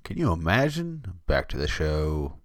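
A man hosting a casual group podcast chat, joking and firing off quick random questions. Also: a bass voice, huge pitch swings. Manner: loose, joking, asks rapid questions. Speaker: podcast host.

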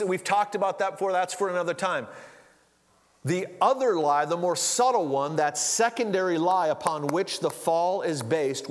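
A middle-aged man preaching a sermon in a loose, conversational way, with asides and restarts. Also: sits high. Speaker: pastor. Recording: long hall reverb.

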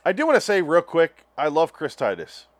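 A man's voice: a little high, huge pitch swings, brisk, no echo. Brief: male podcast co-host, profane and sardonic, recorded close and dry. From Phoenix area. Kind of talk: casual chat.

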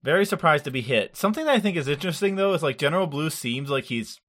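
Podcast host, casual chat, mid pitch, laid-back, rambling, fillers. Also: sing-song, quick pace, a bit bright.

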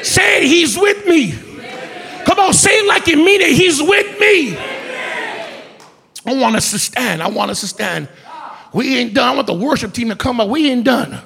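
A man preaching as a guest speaker in a church, shouting in fiery, repetitive call-and-response, with worship music behind him. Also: very high voice, animated, fairly quick, vocal fry, some chatter behind. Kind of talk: shouted sermon. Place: church sanctuary.

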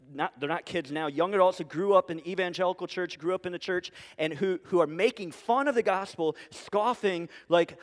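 A man preaching a sermon in an animated, humorous, conversational way, full of rhetorical questions to his congregation. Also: high voice. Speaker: pastor. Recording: long hall reverb.

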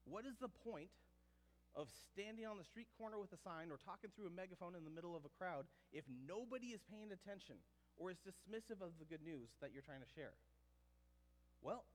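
A man's voice: high-pitched, lively intonation, brisk, big-room sound. A man preaching a sermon in a conversational way, with asides and quoted exchanges.

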